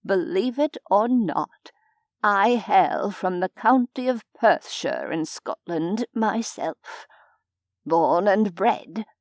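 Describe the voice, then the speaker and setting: A woman voicing a courteous, formal gentleman in an audiobook, measured and gently lecturing. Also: mid-range voice, no room sound, clean studio sound, natural voice. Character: genteel, courteous older gentleman scholar. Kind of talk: audiobook character voice.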